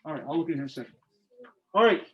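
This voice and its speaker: High-voiced guy teaching algebra in class, jokey, dull lo-fi sound. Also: animated, racing, a little hiss or hum. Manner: informal, joking, quizzes students. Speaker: math teacher.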